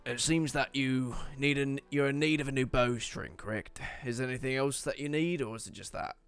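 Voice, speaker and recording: A man doing a gruff dwarf shopkeeper. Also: medium pitch, brisk, a bit bright, natural voice.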